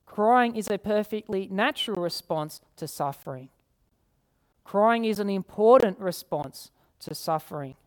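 A woman preaching a sermon, earnest, repeating key phrases and slowing down to read scripture. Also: mid-range voice, expressive, a little mellow. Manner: slows down to read scripture aloud.

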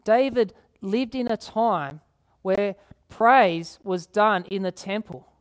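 A woman preaching a sermon, earnest, repeating key phrases and slowing down to read scripture. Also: mid-range voice. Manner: slows down to read scripture aloud.

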